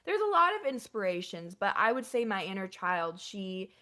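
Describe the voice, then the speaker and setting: A young woman talking as a guest musician in a casual interview, chatty and full of filler words, emotional and effusive. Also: moderate pace. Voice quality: chatty, lots of filler likes. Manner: effusive and emotional, pitch jumps up when excited.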